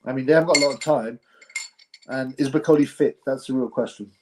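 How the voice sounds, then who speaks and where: A man's voice: medium pitch, brisk, dark tone, slight background noise. A man hosting a live boxing stream, chatting casually to viewers in a blunt, rambling, slangy way. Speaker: host of a live boxing show.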